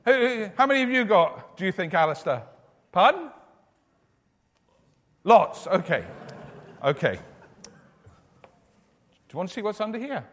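A man giving a lively children's talk in church, asking the children questions as he goes. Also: sits high, unhurried, long pauses. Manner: animated, asks children questions. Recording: echoey church hall.

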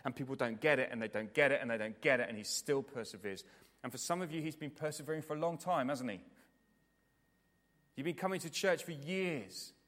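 Male preacher, mid-pitched, earnest delivery swinging loud to soft, heard in a long-reverb church. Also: fairly quick. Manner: earnest, repetitive emphasis, swings from loud to hushed. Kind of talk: sermon ending in prayer.

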